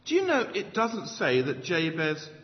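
Male preacher, high and animated, emphatic, dull recording in a long-reverb hall. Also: unhurried. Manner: emphatic, swings between loud stresses and soft low asides. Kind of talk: sermon.

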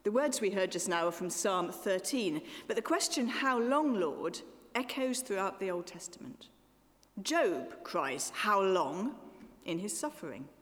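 Woman, guest preacher, mid-pitched and expressive, church reverb around her. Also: normal speed. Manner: expressive, rising emphatic questions, dropping to soft endings. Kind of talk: sermon.

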